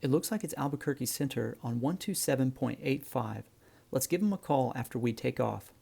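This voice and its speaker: Brief: a male flight instructor with a warm, gravelly voice, explaining in an easygoing way. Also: mid-range voice, a little fast. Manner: relaxed, friendly explaining, addresses viewers as guys. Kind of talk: instructional narration.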